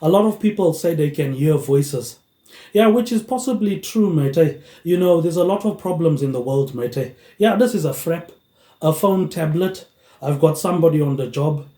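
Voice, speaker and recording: A man's voice: on the high side, moderate pace, dark tone. A man vlogging into a phone tablet without a microphone, rambling on and tagging his lines with a slangy "mate, eh". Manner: meandering, tags lines with "mate, eh". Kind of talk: rambling solo monologue. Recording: echoey room, no mic.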